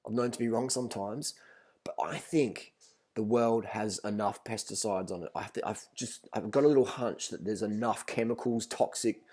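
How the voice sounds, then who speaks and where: A man's voice: on the low side, brisk, few pauses, darkish tone. Profane rambling man telling a story. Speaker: vlogger. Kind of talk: casual storytelling rant.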